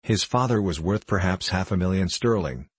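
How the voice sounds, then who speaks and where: Audiobook narrator: man, deep, husky, steady storytelling, dry recording. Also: normal speed, no echo.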